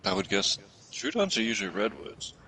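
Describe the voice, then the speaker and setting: A man chatting casually while playing a survival game, making relaxed offhand remarks. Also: on the low side, fairly quick, slight background noise, rough recording. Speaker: co-player. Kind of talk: casual gameplay chat.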